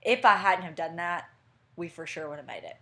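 A woman's voice: fairly low pitch, a little fast. A young woman co-hosting a podcast, telling a story in casual chat and acting out what people said. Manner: animated storyteller, acting out quotes. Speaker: podcast co-host.

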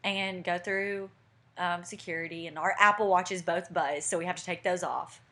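On the low side and at a moderate pace, this young podcast co-host's voice carries a casual story. She animates it by acting out people's quotes as she chats.

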